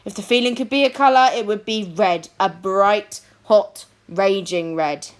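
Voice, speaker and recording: A woman reading a children's book aloud with expressive, dramatic storytelling. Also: mid-range voice, measured pace, clear, resonant tone.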